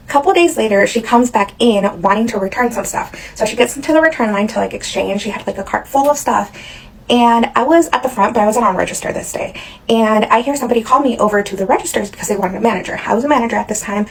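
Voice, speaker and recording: A young woman recounts a story from her old store job in a brisk, chatty, matter-of-fact way. Her voice has a gravelly fry and a husky rasp, and she moves through the story quickly. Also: medium pitch, rough recording. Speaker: former retail store manager. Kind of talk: casual storytelling.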